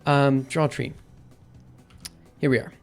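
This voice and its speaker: A young man talks through his code on a live stream, full of ums and quick self-corrections. His voice sits a little high and sounds a bit worn, as if he is losing it. Faint music plays under the clatter of keyboard typing. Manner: thinks aloud with many fillers and self-corrections. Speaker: livestreaming programmer. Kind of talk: casual live coding commentary.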